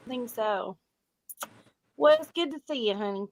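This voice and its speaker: Lively woman laughing through chat. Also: a little high. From Tennessee. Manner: bubbly, laughs a lot, drawn-out words. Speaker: live stream host. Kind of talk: casual late-night chat.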